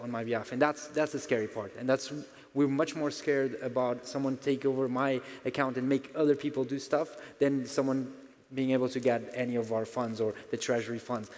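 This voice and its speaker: A hesitant man answering on a conference panel, pausing with fillers and restarts. A middle-pitched voice carried by the long reverb of a large hall. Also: a little mellow.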